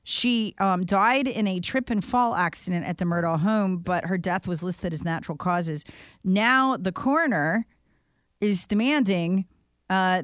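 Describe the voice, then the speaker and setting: A woman's voice: mid-range voice, dry recording, studio quality. A woman hosting a talk show, speaking in an indignant, sarcastic way. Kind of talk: opinionated talk radio chat.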